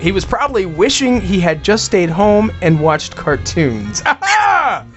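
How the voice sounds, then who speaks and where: A man's voice: sits high, expressive, unhurried. A man co-hosting a comedic podcast, joking and laughing as he reads out odd news stories. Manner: jokey, laughing while reading news stories. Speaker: co-host. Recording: dull lo-fi podcast audio with faint music.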